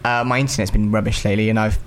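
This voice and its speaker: A man's voice: lowish voice, little pitch movement, rapid-fire, slight background noise. A man co-hosting a casual radio chat, hesitant and playful, with many ums and uhs. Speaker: co-host.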